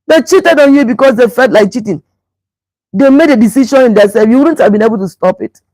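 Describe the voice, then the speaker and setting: A woman's voice: a little high, expressive, fairly quick, a little mellow, no room sound, poor audio. A middle-aged woman pastor, preaching about relationships emphatically and repeating phrases to drive them home. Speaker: pastor and show host.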